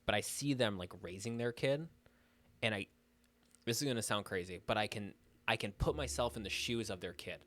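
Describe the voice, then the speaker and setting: Rambling young man, low voice. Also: moderate pace, fairly bright tone. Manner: rambling, loses his train of thought. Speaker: podcast co-host. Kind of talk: casual chat.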